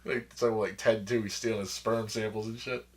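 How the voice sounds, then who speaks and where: A man from New England with a New England accent, co-hosting a casual podcast, swearing and laughing a lot through animated banter. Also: lowish voice, normal speed. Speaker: podcast co-host. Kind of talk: casual chat.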